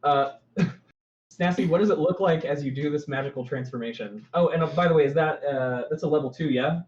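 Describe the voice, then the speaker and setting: A man narrating as game master in a relaxed, descriptive way, stopping now and then to correct himself. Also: fairly high pitch, a little fast, echoey room, muffled recording, a little hiss or hum.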